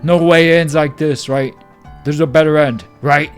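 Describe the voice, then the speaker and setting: A man reacting to a visual novel playthrough, excitable, jumping from low mumbling to sudden yells. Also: moderate pace, clean tone, soft background music. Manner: excitable, jumps from mumbling to yelling. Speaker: gaming channel host.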